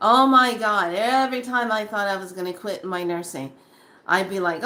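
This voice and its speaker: A woman talks straight to her viewers in a casual spiritual monologue, her voice bright and clear at a middle pitch. She is animated, and she slips into acted-out snippets of her own past reactions. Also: moderate pace. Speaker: spiritual speaker.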